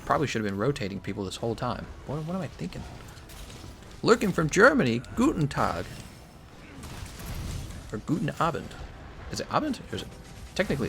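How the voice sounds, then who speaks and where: A man's voice: mid-range voice, slight background noise. A young man live streaming a game, chatting casually and jokingly reading out his chat. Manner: joking, reads chat aloud, animated.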